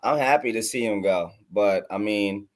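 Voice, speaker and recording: A man co-hosting a podcast, talking in easygoing, chatty banter with a few halting starts. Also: fairly low pitch. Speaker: podcast co-host.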